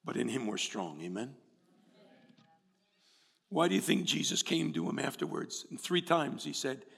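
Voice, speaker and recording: A man preaching a sermon to a congregation, dropping low and quiet, then building to loud shouts. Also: sing-song, normal speed, creaky. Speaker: pastor. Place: church hall. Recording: reverberant hall with live music behind.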